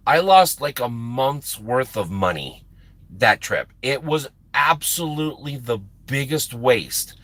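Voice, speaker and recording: Rambling trucker streamer. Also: male voice, medium pitch, animated, takes it slowly, fairly bright tone, dry recording. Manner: rambling, emphatic, repeats words for effect. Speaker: livestream host and truck driver. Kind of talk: casual chat with stream viewers.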